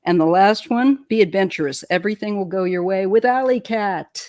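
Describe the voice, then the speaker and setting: A woman's voice: medium pitch, fairly quick, darkish tone, no room sound. Playful woman reading cat oracle cards. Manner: playful, jokey, reads card messages aloud. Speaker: tarot reader guest.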